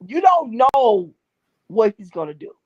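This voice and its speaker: In a fairly high, sing-song voice with a darkish tone, a middle-aged woman speaks unhurriedly about her faith. She's a gospel singer and drummer interviewed as a guest, preachy and emphatic and repeating key phrases, heard on a dull, dry lo-fi recording.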